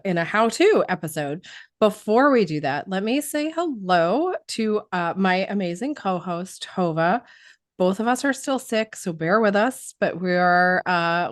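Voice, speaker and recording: A woman's voice: fairly low pitch, smooth, dry recording, studio quality. A woman hosting a podcast in casual chat, congested from a cold, talking in a chatty way with fillers. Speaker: podcast host.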